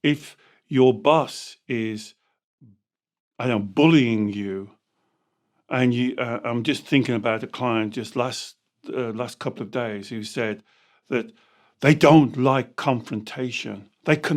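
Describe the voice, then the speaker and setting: Storytelling male coach, mid-pitched voice. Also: a little slow. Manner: animated storytelling, acting out dialogue. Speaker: coach and podcast host. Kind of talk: podcast discussion with anecdotes.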